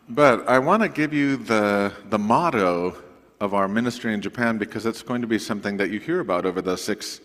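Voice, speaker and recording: A man preaching to his congregation in a relaxed, conversational way, with asides to the listeners. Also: lowish voice, fairly quick. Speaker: pastor. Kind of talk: sermon announcements. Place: church sanctuary. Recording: long reverb of a church sanctuary.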